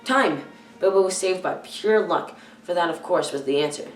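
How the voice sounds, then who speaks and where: A teenage girl reading a children's novel aloud, careful and halting, often stumbling and correcting herself. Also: fairly low pitch, a little mellow, faint music behind. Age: teens. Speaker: youth reader. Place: church hall. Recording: echoey room, far from the mic.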